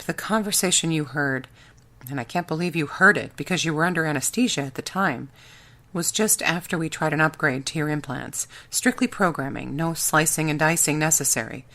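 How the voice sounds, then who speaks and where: Brief: loyal, defensive male tech scientist, voiced by a woman narrator, low audiobook read. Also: a bit bright. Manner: explaining, defensive.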